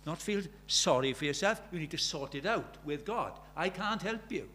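A man preaching a sermon, animated, shifting from loud emphatic lines to quiet asides. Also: a little high, moderate pace, a little hiss or hum.

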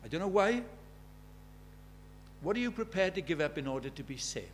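A man preaching a sermon in church, his voice sitting a little high for a man. He drives his points home with emphatic repetition and rhetorical questions, dropping from forceful declarations to hushed asides. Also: very animated, normal speed, a little hiss or hum.

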